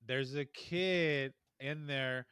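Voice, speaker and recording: A man with a bright, smooth voice talks casually on a podcast, hedging and pausing with fillers. The sound is dry and close. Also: medium pitch, no room sound. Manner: relaxed, hesitant, many fillers. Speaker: podcast co-host. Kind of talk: casual chat.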